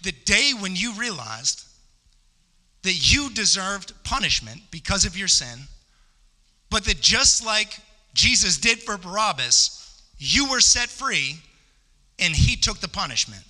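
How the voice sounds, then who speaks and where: In a church sanctuary, a man preaches a sermon in a bright, high-sitting, sing-song voice, unhurried but impassioned. He rises to emphatic peaks and repeats phrases, with the recording carrying long church-hall reverb.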